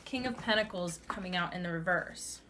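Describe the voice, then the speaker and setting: A woman's voice: on the low side, brisk, noisy background. A young woman doing a tarot reading to camera, earnest and chatty, sighing now and then between cards. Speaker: tarot reader.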